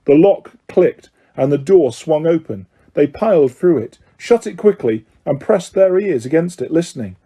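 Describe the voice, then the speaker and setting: A man reading an audiobook with lively, dramatic storytelling. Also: fairly high pitch, moderate pace, hardly any pauses, husky. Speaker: audiobook narrator. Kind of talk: scripted narration.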